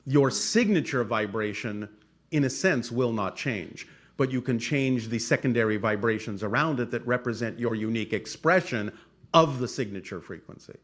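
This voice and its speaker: A channeler answers audience questions in a channeled spiritual talk, his mid-range voice steady and deliberate. His cadence is formal and measured, piling up repeated phrases and checking in with the listener.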